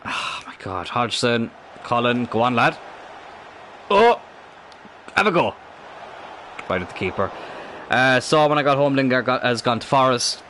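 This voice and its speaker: Man, game streamer, excitable live commentary, swears a lot, bright sharp tone. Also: mid-range voice, normal speed, a little hiss or hum.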